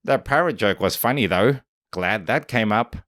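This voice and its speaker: A man's voice: fairly low pitch, expressive, normal speed, a bit bright, no echo, clean studio sound. Snarky man narrating commentary. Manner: snarky, opinionated. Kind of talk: scripted commentary voice-over.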